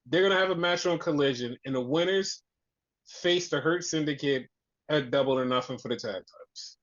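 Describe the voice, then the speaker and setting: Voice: medium pitch, moderate pace. Podcast host ranting thru a wrestling recap, swears a lot, acts out the quotes, kinda dull lo-fi sound. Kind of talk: casual wrestling recap chat.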